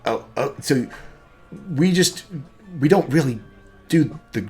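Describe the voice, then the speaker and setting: A man voicing a kind human father and trader in a tabletop game, speaking in a gentle, soothing way. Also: mid-range voice, lively intonation, slow, soft background music. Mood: friendly.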